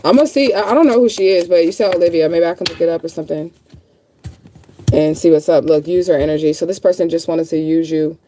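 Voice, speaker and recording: Casual woman tarot reader with a lowish, mellow voice, blunt and chatty with plenty of swearing. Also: fast, a little hiss or hum. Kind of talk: casual livestream chat.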